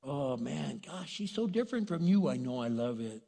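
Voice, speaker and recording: A man preaching a sermon, animated and joking, acting out the voices of the people he quotes. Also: mid-range voice, moderate pace, gravelly. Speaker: pastor. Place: church hall. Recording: long reverb of a church hall.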